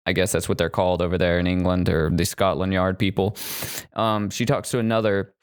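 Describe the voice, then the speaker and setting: Profane, animated male podcast co-host. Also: sits low, brisk, clean tone, no room sound, clean studio sound. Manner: profane, animated retelling with mocking put-on voices. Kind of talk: casual movie-review chat.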